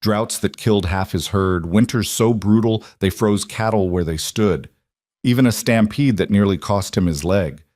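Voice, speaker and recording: A man narrating a story in a calm, measured storytelling manner. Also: on the low side, no echo, clean studio sound. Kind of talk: scripted audiobook narration.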